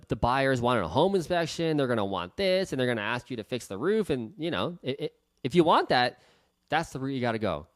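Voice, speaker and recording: A man's voice: medium pitch, no room sound. Blunt profane man coaching. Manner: blunt, profane, acts out phone calls in different tones. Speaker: real estate investor teaching sales calls. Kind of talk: casual coaching talk.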